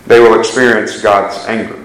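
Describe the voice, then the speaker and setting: Emphatic preacher, echoey church. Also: male voice, fairly low pitch, little pitch movement, normal speed, fairly bright tone, a little hiss or hum. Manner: emphatic, repeats key phrases, asks the congregation questions. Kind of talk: sermon.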